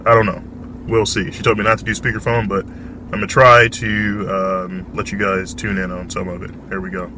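A low-pitched man in his thirties talks through his working day in a vlog. His voice is bright and forceful, and he stops to explain each term in simple words. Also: flat delivery, moderate pace, slight background noise. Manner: plain explanatory, defines terms as he goes. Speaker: resident surgeon. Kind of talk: casual vlog narration.

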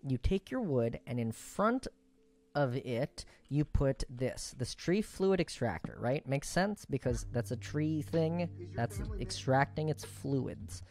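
A man's voice: mid-range voice, lively intonation, slow pace, darkish tone. A man chatting casually while playing a game, rambling and swearing through unsure explanations. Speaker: streamer. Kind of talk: casual chat while gaming.

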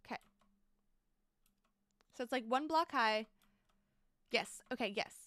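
Young female streamer, bubbly and chatty, high-pitched, dry close mic. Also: takes it slowly, no room sound. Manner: bubbly, repeats exclamations, thanks chat excitedly. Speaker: game streamer. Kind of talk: casual live-stream chat while building in a game.

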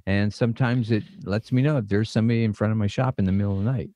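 A man co-hosting a casual podcast, telling a story in an easygoing, amused way. His voice sits somewhat low and sounds dry and close. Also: fairly even intonation, racing, mellow, no room sound. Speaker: podcast co-host, shop owner.

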